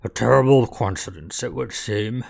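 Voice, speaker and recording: A man voicing a stern courtroom judge from a mystery game. The delivery is measured and formal, in a mid-pitched male voice close to his own. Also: vocal fry, darkish tone. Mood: grave. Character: stern male judge presiding over a trial.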